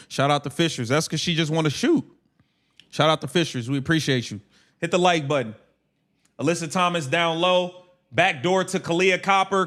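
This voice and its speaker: A man's voice: on the high side, fairly bright tone. A man calling a game play by play on a livestream in clipped bursts, brashly mocking players and swearing. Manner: rapid clipped play calls. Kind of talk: casual play-by-play commentary.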